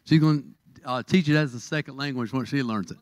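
A man's voice: medium pitch, dry recording. A middle-aged man with a Southern American accent, leading a church service, telling a story and praying, with many fillers and restarts. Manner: rambling, halting with many fillers. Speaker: pastor. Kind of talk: church service announcements and prayer.

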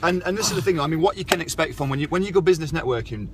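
A man's voice: a little high, lively intonation, rapid-fire. A man hosting a casual live-stream chat, talking bluntly and swearing now and then. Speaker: show host. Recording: faint background noise.

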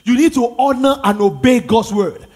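A man's voice: very high voice, moderate pace, darkish tone, slightly rough. A Nigerian pastor, a man, preaching a sermon with emphatic repetition and rhetorical questions.

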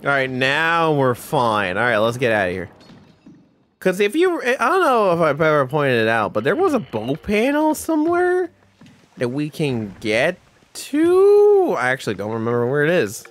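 A man hosting a let's play, giving rambling, self-deprecating commentary with quick mumbled asides. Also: on the high side, wildly swooping pitch, fairly bright tone. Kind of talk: casual gameplay commentary.

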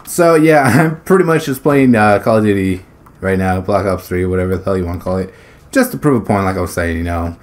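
A gaming YouTuber with a deep, animated voice talks fairly quickly and casually over his gameplay. He rambles, swears freely, laughs between phrases and blurts out exclamations as he plays.

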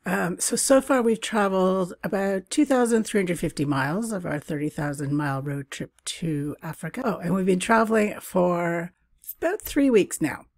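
A woman's voice: on the low side, moderate pace, dry recording, clean studio sound. A woman from Canada hosting her own travel podcast, talking in a chatty, casual way with frequent laughs and asides. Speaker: podcast host. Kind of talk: casual solo podcast chat.

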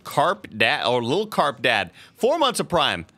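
A man's voice: mid-range voice, huge pitch swings, unhurried, bright, forceful tone, dry recording. A man streaming a video game, chatting casually to his viewers, swearing freely and laughing often. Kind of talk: casual gameplay commentary.

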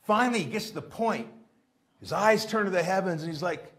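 A man's voice: high-pitched, a little fast, a bit bright. A male pastor, preaching a sermon and often asking the congregation rhetorical questions. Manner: acts out pleading prayers in a raised voice. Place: church.

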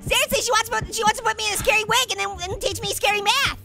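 Figure: Annoying Orange, a squeaky giggling cartoon fruit. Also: male voice, steady tone, rapid-fire, gravelly, over loud music. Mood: giggly hyper. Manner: giggly, punning, jokey. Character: hyper wisecracking male cartoon orange. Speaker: let's play host. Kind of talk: comedic gameplay commentary.

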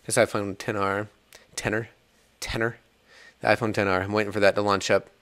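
A man's voice: fairly low pitch, little pitch movement, fast talker, a bit bright, no room sound. A man hosting a casual coding tutorial, chatting and rambling as he works, laughing at bugs along the way. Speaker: iOS developer tutorial host.

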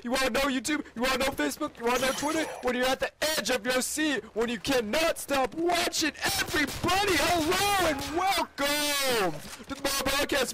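A shouty, swaggering hype-man bragging over a video game match, as a young man puts the voice on. The voice sits very high for a man, sing-song and boastful, with slang tossed in everywhere. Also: heavy background noise. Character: loud hyped male gameplay hype-man. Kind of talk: comedic gameplay commentary impression.

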